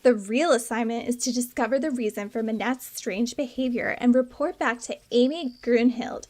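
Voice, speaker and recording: A young woman chats casually over her game stream, her voice sitting a little high. She teases herself and jokes as she rambles along. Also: normal speed, darkish tone. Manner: jokey, self-mocking, rambling.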